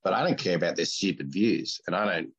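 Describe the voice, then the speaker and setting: A man's voice: low-pitched, animated, fast, breathy edge. A man hosting a podcast in casual chat, with a blunt, opinionated and crude way of talking. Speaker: podcast host.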